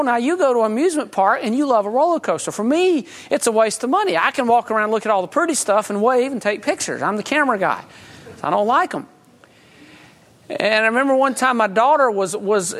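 A man's voice: very high voice, fairly bright tone. A middle-aged man preaching a sermon, mixing folksy stories and chuckles with urgent, earnest appeals. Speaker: pastor.

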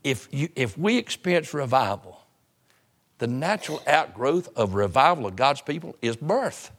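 A pastor delivering a sermon in a plain, mid-pitched male voice. He talks to his congregation in a conversational way, repeats phrases and sinks low and quiet to stress a point. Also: sing-song, normal speed.

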